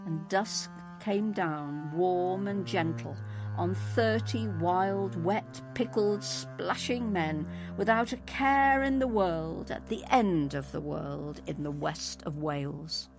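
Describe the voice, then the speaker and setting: A woman narrating a story in a lyrical, expressive reading. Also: on the low side, slow, vocal fry, music in the background.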